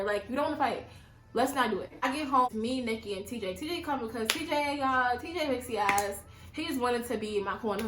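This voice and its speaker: Brief: woman, twenties, New York, story-time vlogger, animated and slangy, slightly high voice, echoey room. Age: 20s.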